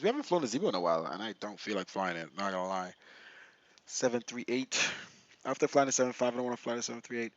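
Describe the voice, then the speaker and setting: A young man live-streaming a flight simulator, chatting excitedly to his viewers and laughing often. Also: medium pitch, highs cut off. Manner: excitable, laughing, talks to chat.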